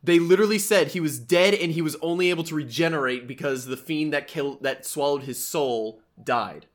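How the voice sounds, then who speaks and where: A man with a slightly high voice argues bluntly in casual podcast banter, swearing freely. He keeps cutting in to shoot down the others' points. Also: fairly quick. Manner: blunt, profane, flatly contradicts others. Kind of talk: casual argumentative chat.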